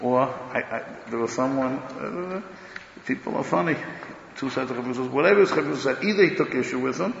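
Gravelly man giving a Torah lecture. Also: mid-range voice, a little fast, noisy background. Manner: emphatic, swings between loud declarations and muttered asides; talks loudly, says he is hard of hearing. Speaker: rabbi giving a Torah class. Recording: dull echoey hall recording.

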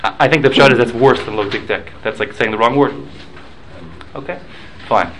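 Halting man teaching a Talmud class. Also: mid-range voice, fairly bright tone, a little hiss or hum, rough recording. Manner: halting, repeats words, explains with examples.

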